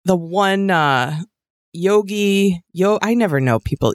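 A woman's voice: fairly low pitch, a little slow, no room sound, clean studio sound. A woman co-hosting a podcast in casual chat, rambling and trailing off mid-thought. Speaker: podcast co-host.

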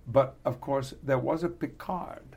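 Older British actor guest, gravelly, halting, chuckly; casual interview talk. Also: male voice, mid-range voice, a little mellow.

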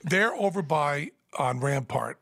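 A man telling a story in casual podcast chat, animated and breaking into high laughter. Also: unhurried, gravelly, dry recording, studio quality. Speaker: podcast host. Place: Las Vegas.

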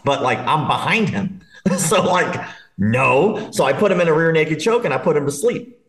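A man's voice: fairly high pitch, moderate pace. A man casually telling a long, profane party story, laughing as he goes. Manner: animated, swearing, laughing while telling a story. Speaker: podcast guest. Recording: roomy echo.

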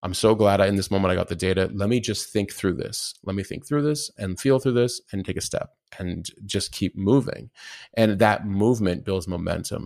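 A man talking as a podcast guest, animated, acting out his inner dialogue. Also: low-pitched, gravelly, no echo, studio quality. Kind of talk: casual conversation.

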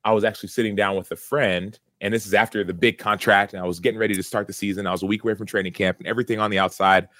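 A man's voice: on the low side, fairly even intonation, rapid-fire, few pauses, a bit bright, no echo. A man in his thirties, a former football player, earnestly recounting a personal story in an interview, with many restarts.

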